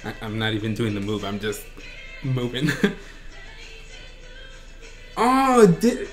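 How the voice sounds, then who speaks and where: A man hosting a reaction video, gushing with excitement and often breaking into shrieks and squeals. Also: lowish voice, moderate pace, soft background music. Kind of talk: excited fan reaction commentary.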